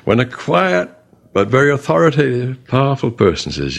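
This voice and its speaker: A man preaching a sermon in a conversational way, quoting scripture and voicing God's words gently, then rising sharply for emphasis. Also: medium pitch, huge pitch swings, moderate pace, gravelly.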